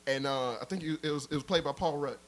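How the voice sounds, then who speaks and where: A man's voice: on the high side, fast. A man in casual podcast chat, laughing often as he retells cartoon scenes and acts out the lines. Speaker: podcast co-host.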